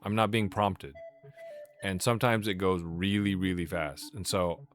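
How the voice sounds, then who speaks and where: Male streamer, quick stumbling commentary, low voice, loud game music. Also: fairly even intonation. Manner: rapid, stumbling, apologetic asides. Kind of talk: live gameplay commentary.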